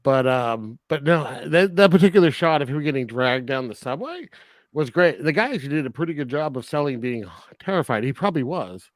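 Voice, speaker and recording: A man co-hosting a podcast, chatting casually about a film and acting out its scenes in quick asides. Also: fairly high pitch, lively intonation, no echo. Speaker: podcast co-host. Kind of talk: casual film review chat.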